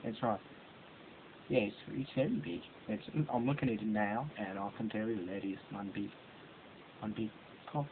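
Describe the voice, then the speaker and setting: A man's voice: lowish voice, steady tone, moderate pace, pauses often, natural voice. A man voicing a parody of a bragging male pop singer interviewed on TV, rambling and repeating himself. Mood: boasting. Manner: rambling, repetitive, boastful. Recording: tinny lo-fi home recording with hiss.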